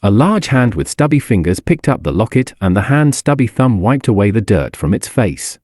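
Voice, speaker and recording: A man narrating a fantasy audiobook in a wry, expressive storytelling manner. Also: fairly low pitch, moderate pace, no echo, clean studio sound.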